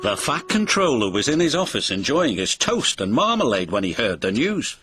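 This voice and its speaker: A man narrating a children's storybook in an expressive, sing-song way. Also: mid-range voice, moderate pace, slightly rough, no echo. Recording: music behind the voice.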